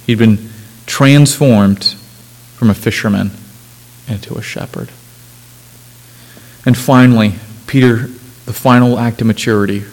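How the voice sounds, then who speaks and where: A man's voice: fairly low pitch, low-quality recording. A man preaching a sermon, reading scripture aloud and explaining it in a conversational way, with asides and self-corrections.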